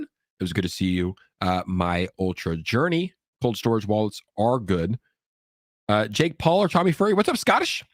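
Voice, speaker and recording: A man's voice: mid-range voice, no room sound, studio quality. Upbeat man hosting a crypto livestream. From California. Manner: upbeat, hyped shout-outs to viewers. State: sick, occasionally coughing. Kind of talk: casual livestream chat reading viewer comments.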